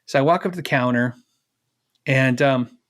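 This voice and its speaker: A man's voice: mid-range voice, moderate pace, a bit bright. A middle-aged man, a guest on an interview, telling a personal story casually, acting out the dialogue with fillers and laughs.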